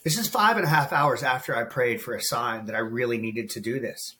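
A man's voice: medium pitch, fairly quick, bright, forceful tone, a little hiss or hum. Guy around forty on a podcast, earnest and emotional, keeps saying bro and man, plain voice. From United States. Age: about 40. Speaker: guest, transformation coach. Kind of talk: candid podcast interview.

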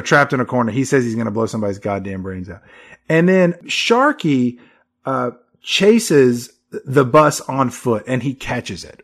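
Animated man recapping a movie. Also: medium pitch. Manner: animated storyteller, acts out characters. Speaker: podcast co-host.

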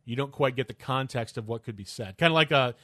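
Man, casual podcast chat, hesitant restarts, explanatory, mid-pitched, dry sound. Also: fast talker, bright, forceful tone, dry recording.

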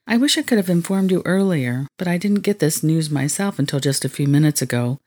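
A man's voice: fairly high pitch, lively intonation, fairly quick, darkish tone. Woman reading as a courteous apologetic businessman. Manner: formal, courteous. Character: polite apologetic male business buyer.

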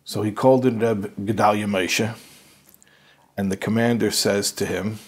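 A man with a low, husky voice tells a religious story. His delivery is earnest and conversational, the way a teacher retells a tale. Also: flat delivery, moderate pace.

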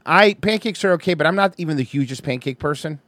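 A man's voice: on the high side, expressive, fast, fairly bright tone, no echo. A man hosting a stream, chatting casually and making crude, joking remarks. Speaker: stream host. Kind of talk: casual chat.

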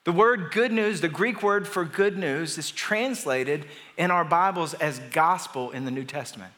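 A middle-aged pastor from the Atlanta area of the US preaches in a large church auditorium, his fairly high voice bright and pushed at a moderate pace. His sermon unfolds like a conversational story that builds to emphatic declarations, and the recording carries the long reverb of the big hall.

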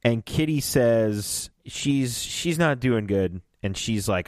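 A man's voice: mid-range voice, lively intonation, takes it slowly, few pauses, a little mellow, dry recording, studio quality. A man co-hosting a podcast, chatting casually and retelling scenes with frequent laughs. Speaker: podcast co-host. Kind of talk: casual chat recapping an audio drama.

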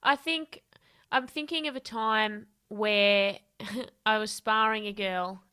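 Woman, bright tense voice, frank storyteller, casual interview guest. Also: medium pitch, slow, smooth. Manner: lively, candid storyteller who swears freely and laughs often. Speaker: podcast guest, coach and speaker.

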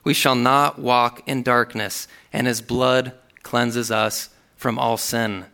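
A man's voice: mid-range voice, flat delivery, slow, vocal fry, bright, forceful tone. A man preaching a sermon, reading scripture aloud with earnest emphasis.

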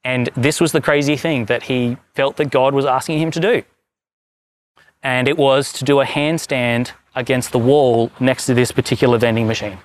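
Male preacher, casual stop-start sermon storyteller, middle-pitched voice. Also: steady tone, normal speed. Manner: rambling, self-correcting storyteller with many restarts. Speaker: pastor.

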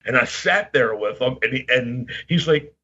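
Husky middle-aged man telling a rambling story. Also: mid-range voice, expressive, moderate pace, pushed and bright, lo-fi sound. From Baltimore, Maryland. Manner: rambling anecdotes, acts out quoted voices. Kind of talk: casual chat, storytelling.

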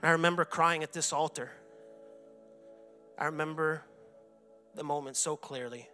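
A man's voice: on the high side, steady tone, normal speed, soft background music. A man in his forties, a pastor, preaching a sermon in a church and telling his own story earnestly. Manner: earnest personal testimony, reenacts his own anguished shouting prayers. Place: church sanctuary.

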